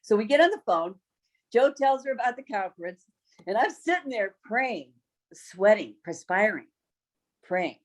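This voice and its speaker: A woman's voice: medium pitch, sing-song, unhurried. A woman casually telling a story about her business. She laughs often and acts out the voices of the people she quotes.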